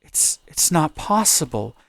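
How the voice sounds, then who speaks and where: A man softly quoting a woman in a made-up fantasy scene, in a hushed voice. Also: on the high side, very animated, a little slow, vocal fry, heavily acted.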